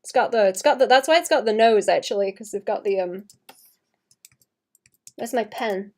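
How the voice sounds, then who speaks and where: A woman's voice: medium pitch, moderate pace, a little mellow. A young woman with a light Welsh accent, chatting casually and rambling as she draws on a live stream, laughing often. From Wales. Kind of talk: casual livestream chat while drawing.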